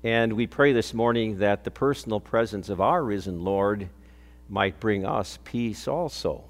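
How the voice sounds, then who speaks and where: An older male pastor preaching a sermon, telling stories earnestly, building up on key points and dropping soft on others. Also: fairly low pitch, a little slow. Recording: long hall reverb.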